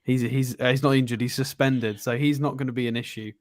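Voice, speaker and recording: A man co-hosting a casual live stream, talking in a relaxed, matter-of-fact way and walking through tactics. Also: medium pitch, fast. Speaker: co-host doing tactics analysis.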